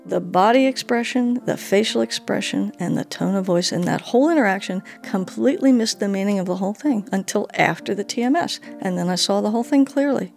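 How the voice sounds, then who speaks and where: A woman's voice: mid-range voice, fairly quick, gravelly, hardly any pauses, a little mellow, soft background music. A woman being interviewed, telling her own story with animation and acting out the dialogue she recounts. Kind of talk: personal storytelling.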